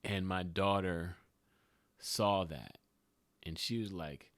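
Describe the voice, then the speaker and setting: Animated man telling stories on his podcast. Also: sits low, takes it slowly, long pauses, no room sound. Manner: animated storytelling, loud peaks and hushed asides. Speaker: podcast host. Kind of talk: motivational monologue.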